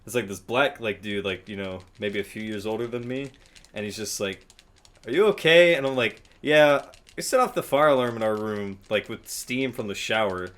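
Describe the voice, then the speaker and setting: Young man, rambling storyteller, lowish voice, casual chat, keyboard typing behind. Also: normal speed, fairly bright tone. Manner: rambling, many fillers and swearing. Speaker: guest telling a story while gaming.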